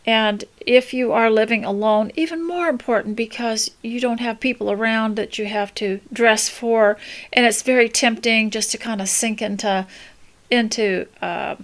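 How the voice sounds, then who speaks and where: An older woman hosting a homemaking talk, giving gentle, unhurried advice with many pauses and restarts. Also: a little high, steady tone. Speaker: homemaking podcast host. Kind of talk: casual spoken advice talk.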